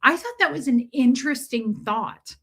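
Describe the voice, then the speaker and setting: A woman's voice: high voice, lively intonation, normal speed, breathy edge. A woman hosting a casual livestream, chatty and joking, with sarcastic asides and lots of "like". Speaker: livestream host. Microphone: streaming microphone.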